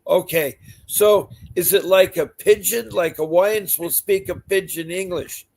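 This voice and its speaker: A man's voice: high-pitched, measured pace, vocal fry, darkish tone. A man hosting a call-in advice show, asking folksy questions and steering the conversation. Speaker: talk show host.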